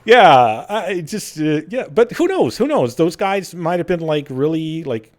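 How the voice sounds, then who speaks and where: Animated man chatting on a gaming podcast. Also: fairly high pitch, a little slow. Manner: animated, laughs often, acts out quotes in silly voices. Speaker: podcast host. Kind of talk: casual chat.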